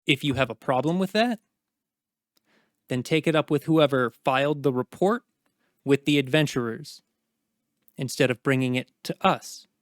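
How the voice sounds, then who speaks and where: A man's voice: medium pitch, moderate pace, pauses often, no room sound, studio quality, natural voice. A man playing a cold, stern knight commander. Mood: stern, menacing. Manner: cold, condescending, threatening.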